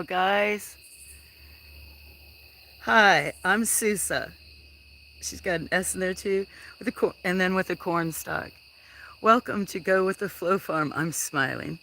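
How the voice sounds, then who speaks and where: A woman hosting a casual livestream from her farm, soft-spoken and touched, chatting with viewers. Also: mid-range voice, a little hiss or hum, poor audio. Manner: soft-spoken and emotional, thanking viewers warmly. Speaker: livestream host. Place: outdoors on a small farm.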